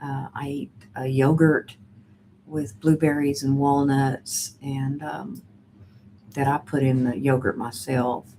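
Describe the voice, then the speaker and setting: Low-voiced, slow, rambling woman host. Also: little pitch movement, warm tone, a little hiss or hum. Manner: rambling and chatty, with many fillers and restarts. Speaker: host of a live chat stream. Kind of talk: casual live-stream chat, reading viewer comments.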